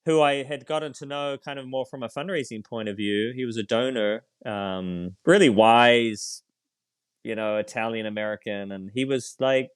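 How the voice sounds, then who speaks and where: Smooth-voiced priest telling his story. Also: medium pitch, no room sound, studio quality. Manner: reflective, halting, with frequent fillers and light self-mocking laughs. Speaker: priest, guest on a podcast. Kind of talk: candid conversational storytelling.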